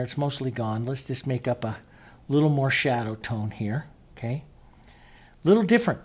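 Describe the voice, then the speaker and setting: A man's voice: a little high, darkish tone. A middle-aged man teaching acrylic painting as he works, talking it through in a chatty way and often asking "see?". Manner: chatty, thinks aloud, asks "see?" often. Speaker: painting instructor. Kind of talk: demonstrating while painting.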